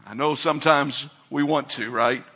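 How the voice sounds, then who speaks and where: An older man preaching a sermon as pastor, emphatic, swinging between loud calls and quiet asides. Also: mid-range voice, moderate pace, slightly rough.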